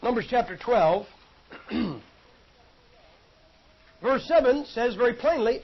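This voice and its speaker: A man delivers a sermon in a folksy, joking, conversational style. His voice sits very high for a man. The recording is dull and lo-fi. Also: big pitch swings, moderate pace, long pauses, breathy edge. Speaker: preacher.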